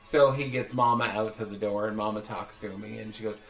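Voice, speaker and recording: A man's voice: lowish voice, little pitch movement, fast, few pauses. A man hosting a podcast, telling a long story in casual chat, acting out the voices of the people in it and swearing freely. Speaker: podcast host. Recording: roomy echo with faint music.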